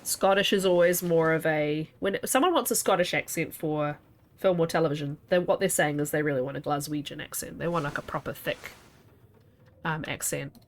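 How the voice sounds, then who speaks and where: A woman with a fairly low voice chats her way through a game stream. She rambles from one aside to the next and laughs often, in a relaxed, casual way. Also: a little fast. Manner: chatty, laughs often, wanders between asides. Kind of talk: casual gameplay commentary.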